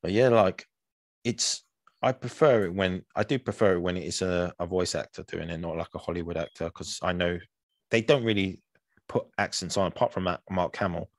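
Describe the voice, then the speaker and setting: Low-voiced rambling man. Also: normal speed, dry recording. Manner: rambling, many restarts and laughs. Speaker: podcast co-host. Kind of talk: casual chat.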